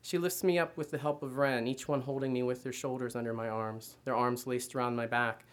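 A man giving a measured first-person reading of literary fiction. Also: mid-range voice, steady tone. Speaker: reader.

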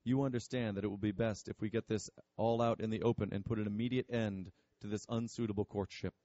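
A man voicing a stern, pompous wealthy father who speaks in a gruff, curt and scornful way. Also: lowish voice, fairly even intonation, fast talker, mellow, no room sound, dull audio, close to an everyday voice.

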